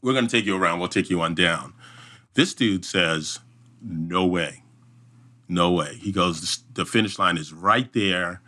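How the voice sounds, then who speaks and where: With a low voice at normal speed, an event emcee shares an animated story as a podcast guest. He restarts frequently and hums his own sound effects.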